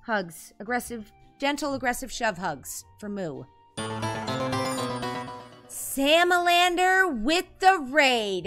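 Bright, animated woman game streamer. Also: high-pitched. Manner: animated, jumpy, greets chat by name. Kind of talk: casual live-stream chat.

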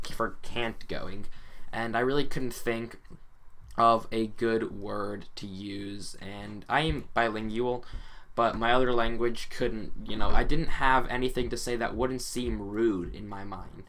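A man's voice: on the low side, steady tone, unhurried, fairly bright tone. A man talking casually over his gameplay as a YouTuber, rambling and hesitant with many restarts and self-conscious asides. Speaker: gaming YouTuber.

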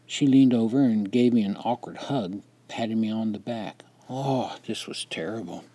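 Older Wisconsin man, memoir reader, mellow and reflective delivery. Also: lowish voice, moderate pace, hardly any pauses, husky. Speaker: memoir narrator. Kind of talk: reading a personal memoir.

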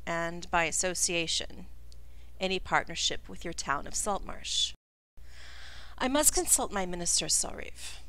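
A woman's voice: on the low side, sharp tone, full character voice. A woman voicing a dry, exasperated lizardfolk chieftess. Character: blunt weary female lizardfolk chieftain.

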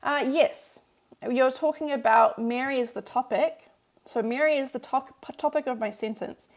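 A woman's voice: high-pitched, normal speed. A woman teaching grammar on a live stream, explaining patiently and repeating points in new words while answering viewers. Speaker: Korean language teacher. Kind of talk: live-streamed workbook lesson.

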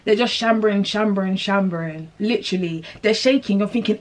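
A young woman chatting casually to viewers as she installs a wig, slangy and animated. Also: mid-range voice, a little fast, a little hiss or hum. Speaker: beauty vlogger.

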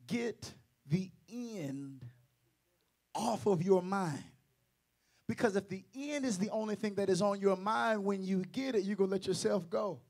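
A preacher with a high, light voice, delivering a Sunday sermon. He drops into low, quiet asides, then climbs into loud, shouted runs of repeated phrases. He jokes with the congregation as he goes. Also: measured pace, gravelly. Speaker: pastor.

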